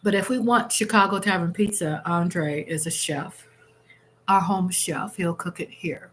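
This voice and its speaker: A woman's voice: on the low side, fairly even intonation, measured pace, fairly bright tone, a little hiss or hum. A woman hosting a casual live stream from home, chatting candidly with viewers and reading out their comments.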